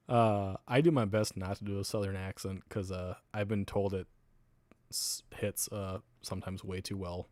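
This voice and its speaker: Low-voiced rambling male streamer. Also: steady tone, moderate pace, a little mellow, no room sound. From US South. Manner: rambling, jumps between topics, laughs often. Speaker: livestream host. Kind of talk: casual livestream chat, answering viewer comments.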